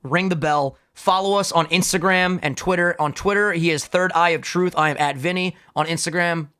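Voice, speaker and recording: A young man co-hosting a casual podcast, hyped and swearing often in quick banter. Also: fairly high pitch, steady tone, bright, forceful tone, smooth. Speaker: podcast co-host.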